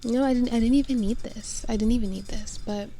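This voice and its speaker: A woman's voice: a little high, steady tone, brisk, warm tone. A woman of twenty venting in a rambling, self-interrupting confessional vlog, tired and drained after crying. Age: 20s. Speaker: vlogger.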